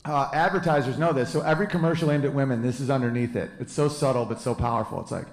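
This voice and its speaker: A man's voice: medium pitch, quick pace, few pauses, echoey room, loud music behind the voice. A man in his thirties doing a brash, crude stand-up set on a club stage, riffing with the crowd. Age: 30s. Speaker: stand-up comedian.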